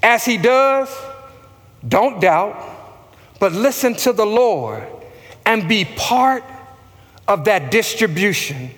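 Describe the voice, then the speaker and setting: A man's voice: sits high, animated, slow, pauses often, a bit bright, long reverb tail. A man preaching a sermon as pastor, calling out questions for the congregation to answer back. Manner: preaching with call-and-response to the congregation.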